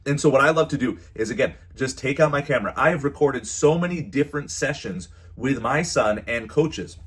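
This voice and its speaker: A man's voice: medium pitch, animated, a little fast, fairly bright tone, breathy edge. A man who is a youth baseball coach and parent, giving casual, earnest advice to camera and often repeating his phrases.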